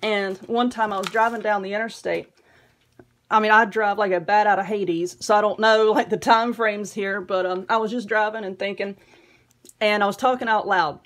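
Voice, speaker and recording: A vlogger from the Southern United States, with a Southern US accent, chats casually while showing her mail, rambling and often giggling. Her mid-range voice is steady, fairly bright, and at normal speed.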